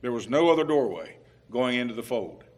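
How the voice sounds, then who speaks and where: A male preacher giving a sermon in a middle-range voice. He speaks at an unhurried pace and presses hard on his main points, getting louder as he stresses them. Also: medium pitch, big pitch swings. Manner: emphatic, rising in volume on scripture quotes; unhurried, with fillers and restarts.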